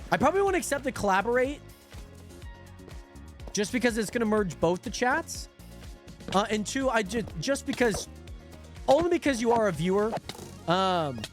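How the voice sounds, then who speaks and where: A young man live-streaming a game, chatting excitably to his viewers and greeting them by name, with lots of "like" and "hold on". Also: high-pitched. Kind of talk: casual livestream chat while gaming.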